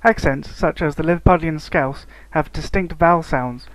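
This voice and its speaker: A man narrating a scripted lesson on language variation, reading steadily and slowing down to spell out example words. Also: on the high side, low-quality recording. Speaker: student narrator.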